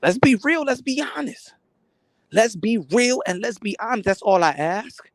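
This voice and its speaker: A man's voice: high voice, expressive, normal speed, no echo. A man who makes boxing videos, ranting in mock disbelief, swearing and repeating himself for effect. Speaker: boxing content creator. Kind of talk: comic rant to camera.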